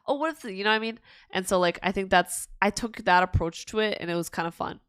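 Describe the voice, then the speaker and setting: A woman's voice: medium pitch, fast, fairly bright tone, clear, resonant tone, no room sound. A young woman chats casually on a livestream, answering viewer questions. Her talk rambles through restarts and giggles. The sound is dry and close to the mic. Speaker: streamer.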